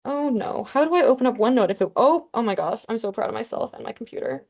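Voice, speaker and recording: Her voice is a little high with a darkish tone, and she speaks at a quick pace, very animated. This young adult student tutor runs a review lesson over video call, explaining formulas in a casual, self-deprecating way.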